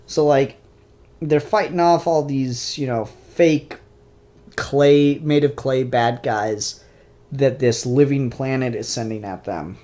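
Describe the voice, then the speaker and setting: A man's voice: mid-range voice, slow pace, warm tone. Male comic reviewer, laid-back rambling chat, blunt opinions, lots of ums. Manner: rambling, opinionated, frequent fillers.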